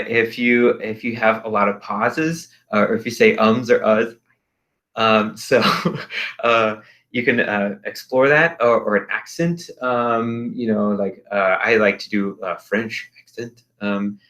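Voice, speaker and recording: A young man teaching an expressive arts lesson in a chatty, upbeat way, with many ums and uhs. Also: medium pitch. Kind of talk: casual virtual lesson.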